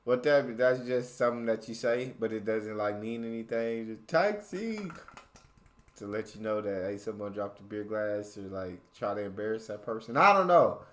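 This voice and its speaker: A man's voice: fairly low pitch, level tone, brisk, hardly any pauses, a little mellow, a little hiss or hum. A young American man hosting a reaction video, chatting loosely with plenty of fillers and laughter. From United States. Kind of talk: casual reaction commentary.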